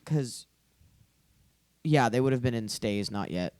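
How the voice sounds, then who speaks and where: A woman co-hosting a podcast in casual chat, excitable and laughing often as she spins theories out loud. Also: a bass voice, measured pace, dry recording. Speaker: podcast co-host.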